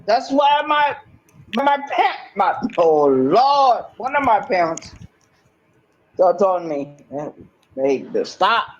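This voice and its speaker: A woman's voice: on the high side, sing-song, slow, highs cut off. A woman talking in an agitated, rambling monologue, emphatic and swearing often, repeating herself.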